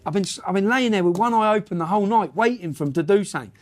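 A man's voice: sits high, animated, racing, a little mellow. A man putting on an exasperated, sleepless mate. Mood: incredulous. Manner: incredulous, swearing. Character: exasperated sleepless male friend, incredulous.

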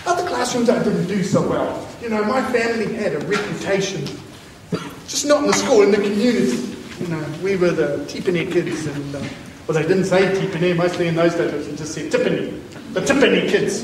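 A man telling stories to students at a school, animated and laughing, acting out voices. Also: high-pitched, fairly quick, noisy background. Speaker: visiting speaker at a school. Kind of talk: storytelling talk to students. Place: large school hall with students. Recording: echoey hall from far off with crowd.

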